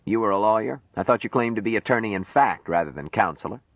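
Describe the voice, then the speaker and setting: A man's voice: fairly low pitch, expressive, quick pace, no echo, pitched above the performer's own voice. Brusque middle-aged official, put on by a male audiobook reader; raised, commanding tone, dry muffled recording. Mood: skeptical, stern.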